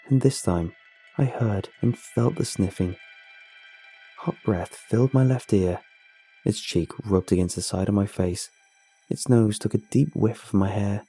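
A man tells a first-person horror story in a deep, dark, mellow voice. His tone is slightly husky, and his delivery is measured and somber. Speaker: narrator. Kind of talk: scripted horror narration.

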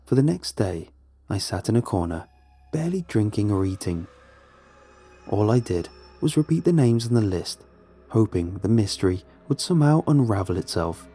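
A man's voice: lowish voice, very animated, moderate pace, warm tone, breathy edge, faint music behind. A man narrating a first-person horror story in a tense, dramatic manner.

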